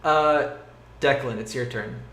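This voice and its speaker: A man running a tabletop game over a voice call as game master, narrating in an animated, goofy way with frequent exclamations. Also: mid-range voice, unhurried, reverberant.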